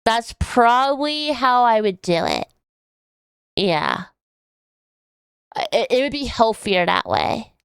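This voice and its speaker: A woman's voice: on the high side, very animated, slow pace, gravelly, pauses often, clean tone, dry recording, studio quality. A woman streamer chatting casually on a reaction stream, rambling and joking, swearing now and then, with a scratchy throat.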